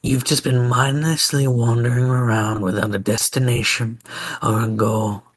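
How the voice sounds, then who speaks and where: A woman's voice: a bass voice, little pitch movement, normal speed, voice pushed down. A woman voicing a smug, sly male warlock in an amateur podcast story reading, with a cool, taunting delivery.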